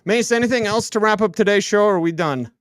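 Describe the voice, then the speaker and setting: A man's voice: high-pitched, fast, no room sound. A man hosting a casual sports radio show. He wraps up with breezy, upbeat patter.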